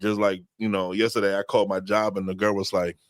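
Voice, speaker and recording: A man co-hosting a marriage podcast, talking conversationally with repeated words and drawn-out explanations. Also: lowish voice, flat delivery, no room sound, studio quality. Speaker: podcast co-host. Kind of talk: casual marriage podcast chat.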